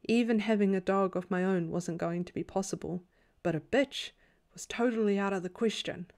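A woman reading a novel aloud as a bedtime story in a calm, even storytelling voice. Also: mid-range voice, normal speed. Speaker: audiobook reader.

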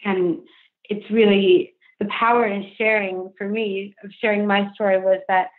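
A woman's voice: mid-range voice, flat delivery, unhurried. Earnest young woman on a phone line. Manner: earnest, heartfelt, frequent "like" fillers. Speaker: podcast guest, author. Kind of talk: candid interview conversation. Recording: phone-line remote call.

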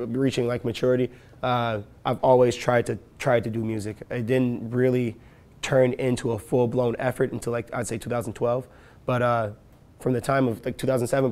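A young man from Chicago, a rapper, telling profane, animated stories in a casual interview and acting out the people he quotes. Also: mid-range voice.

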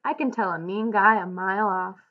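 A woman reading aloud the lines of a calm, steady ranch-hand man who speaks evenly. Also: mid-range voice, brisk, dull audio, close to an everyday voice.

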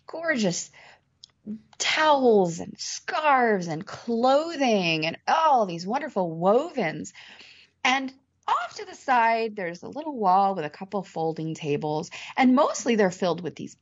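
Animated woman telling a story, muffled audio. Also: medium pitch. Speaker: podcast guest, temari artist. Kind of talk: casual interview storytelling. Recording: slightly muffled podcast audio.

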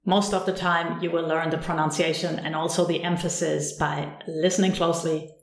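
A German woman teaching a beginners' pronunciation lesson in English, modelling each sound slowly and repeating it with care. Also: deep voice, flat delivery, echoey room. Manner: slow, deliberate modelling of sounds with careful repetition.

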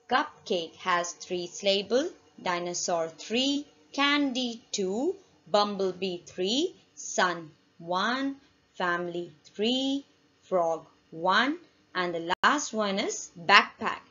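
A woman teacher speaks slowly and deliberately, leading a classroom lesson for children. She keeps quizzing her pupils with repeated questions. The recording sounds dull and lo-fi. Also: medium pitch, animated, sharp tone.

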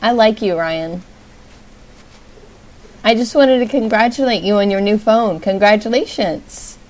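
A woman's voice: mid-range voice, a little slow, a little mellow, low-quality recording. A young woman hosting a show, making prank calls and bossing her co-host around with blunt swearing. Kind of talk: casual chat and prank calls.

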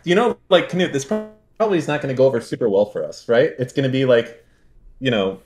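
A man's voice: medium pitch, big pitch swings, fairly quick, darkish tone, soft background music. Brash American man, crude banter. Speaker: streamer. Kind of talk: casual podcast chat.

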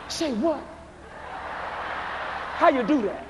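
A man preaching a live revival sermon to a church congregation, emphatic and rhythmic, rising to shouted peaks. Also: high-pitched, very animated, normal speed, a little hiss or hum. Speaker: guest preacher. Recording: reverberant church hall, faint ambience.

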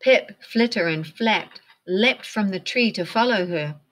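A woman's voice: medium pitch, a little slow, fairly bright tone, a little hiss or hum. A woman teacher reading a picture book aloud to children, encouraging them and asking them questions. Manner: encouraging, asks the listeners questions.

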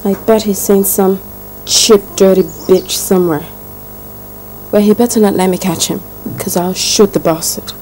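A woman's voice: medium pitch, steady tone, moderate pace, a little mellow, lightly acted, poor audio. Woman doing a spoiled young wife, whiny and indignant, bit of hiss behind. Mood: aggrieved. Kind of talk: film drama acting.

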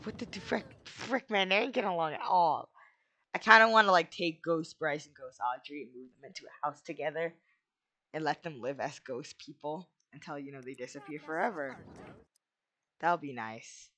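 Excitable let's play host with a bright, sharp tone. Casual commentary with goofy exclamations and sudden squeals. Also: medium pitch, moderate pace, a little hiss or hum. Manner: excitable, bursts into squealing shouts.

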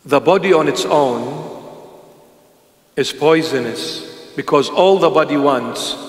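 Man preaching, joking and teasing, high voice, roomy church echo. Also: slow pace. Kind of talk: humorous sermon to young people.

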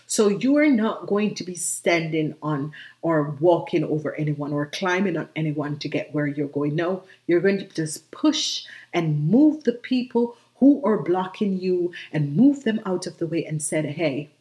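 Woman tarot reader, lower register, direct and encouraging to camera, filler-heavy delivery. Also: measured pace, a little mellow. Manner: encouraging, emphatic, many "um" fillers. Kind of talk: solo video reading addressed to viewers.

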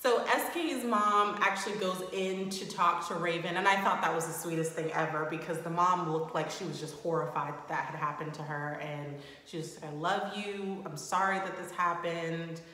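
A young woman recapping a reality show at home in a chatty way, breaking into loud shocked indignation. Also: on the low side, fairly even intonation, normal speed, hardly any pauses. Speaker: recap host. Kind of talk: casual recap commentary. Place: home room. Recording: roomy echo with long reverb.

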